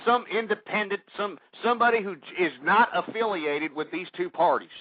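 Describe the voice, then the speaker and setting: A high-voiced man with a Texan accent rants through a political talk radio monologue, swearing and repeating himself. The voice is close and dry, and the recording sounds dull and lo-fi, like an old radio broadcast. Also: fairly quick, no echo. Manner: heated, ranting, swears often, repeats himself. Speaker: radio show host.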